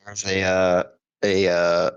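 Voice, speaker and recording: A man's voice: low voice, level tone, takes it slowly, clean tone, no echo, highs cut off. A man co-hosting a casual podcast on a headset, laid-back and rambling, full of fillers. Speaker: podcast co-host. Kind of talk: casual chat.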